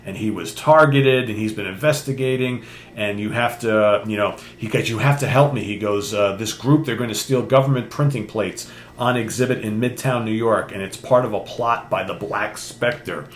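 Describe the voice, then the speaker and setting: A man's voice: on the low side, normal speed. An older man co-hosting a casual chat, retelling a comic book story and acting out the characters' lines. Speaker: podcast co-host. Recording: echoey room with faint hum.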